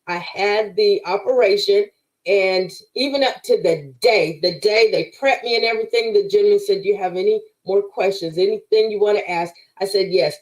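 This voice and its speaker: A woman's voice: medium pitch, rough recording. Emphatic woman giving a faith testimony. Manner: emphatic, preacherly, addresses listeners as "y'all". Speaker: podcast guest.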